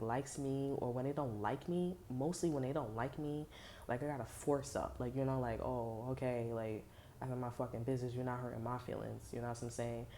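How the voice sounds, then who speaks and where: A woman's voice: a bass voice, mellow, slight background noise. A woman giving a casual tarot reading to viewers, talking in a rambling, profane, slangy way with many fillers. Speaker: tarot reader.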